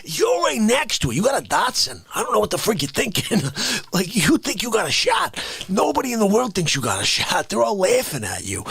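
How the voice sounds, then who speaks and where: Man, comedy host, satirical rant, gravelly and high voice, mock-indignant, shouts then whispers. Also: no echo. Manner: swings between shouting and sudden whispers; mock-indignant, repeats catchphrases.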